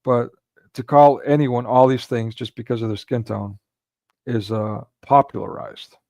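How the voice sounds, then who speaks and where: A man's voice: medium pitch, unhurried, mellow, no echo. A man hosting a casual livestream commentary, talking in a rambling way with frequent restarts and filler words. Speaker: livestream host.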